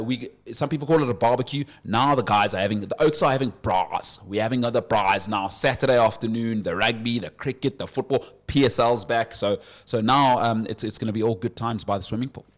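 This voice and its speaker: A man hosting a casual sports talk radio show, animated and full of banter and quick asides. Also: fairly low pitch.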